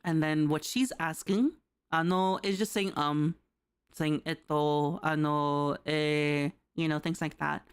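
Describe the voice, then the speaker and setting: A woman's voice: sits low, steady tone, normal speed, smooth. A woman streamer giving a casual livestreamed Japanese lesson, chatty and loose, with lots of fillers and a habitual "right?". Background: soft background music.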